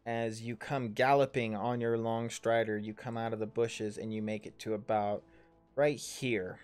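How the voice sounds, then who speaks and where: A man's voice: mid-range voice, little pitch movement, moderate pace, a little mellow, smooth. Man in his thirties, tabletop game narration, rambling with ums and restarts, casual swearing, faint music behind. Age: 30s. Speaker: game master and player.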